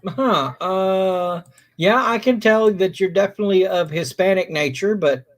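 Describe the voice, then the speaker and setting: Casting: man, slightly high voice, joking relaxed stream host at home. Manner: joking, drawn-out fillers. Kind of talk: casual chat.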